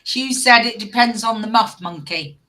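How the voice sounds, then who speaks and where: Bright-voiced laughing woman. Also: a little high, moderate pace. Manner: laughs often, teasing. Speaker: livestream host. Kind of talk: casual group chat on a livestream.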